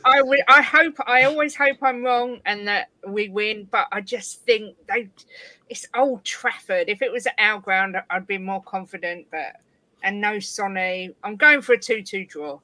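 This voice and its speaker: Brief: woman, tense bright voice, dry close sound, modest panelist. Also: mid-range voice, a little slow, no echo, rough recording. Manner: modest, apologetic, laughs easily. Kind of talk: casual fan-show chat.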